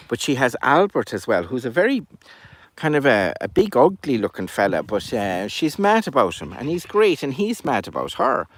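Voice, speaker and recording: Chatty man telling a puppet story. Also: fairly low pitch. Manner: chatty, rambling.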